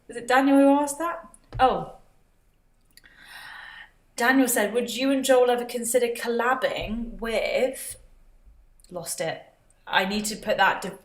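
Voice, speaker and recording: A woman hosting a casual livestream, chatting, laughing often and reading out viewer comments. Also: mid-range voice. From Britain. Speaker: livestream host. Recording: roomy echo.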